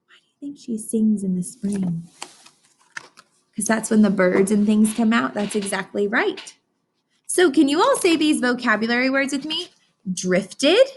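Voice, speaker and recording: A woman teacher reading a picture book aloud to children, stopping to ask them questions and gently explain. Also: mid-range voice, lively intonation, measured pace, husky.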